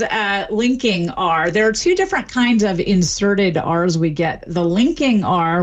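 A woman answering interview questions as an expert, explaining clearly and with examples. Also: mid-range voice. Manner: articulate, lively, explains with examples. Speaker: dialect expert guest.

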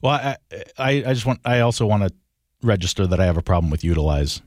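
A man's voice: fairly low pitch, expressive, quick pace, darkish tone, no echo, clean studio sound. A man co-hosting a casual talk show, reading out listener mail and chatting with an easy laugh. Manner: reads listener email aloud, laughs easily. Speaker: podcast co-host. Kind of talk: casual chat.

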